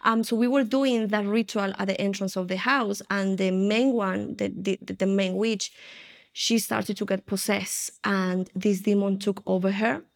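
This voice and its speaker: A woman's voice: mid-range voice, steady tone, measured pace. A woman giving an earnest personal testimony in an interview, retelling her past with frequent restarts.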